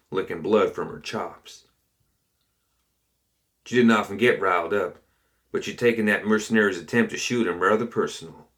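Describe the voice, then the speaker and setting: A male reader telling a story in scripted narration. His voice sits on the low side, and his delivery is steady and measured. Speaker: audiobook reader.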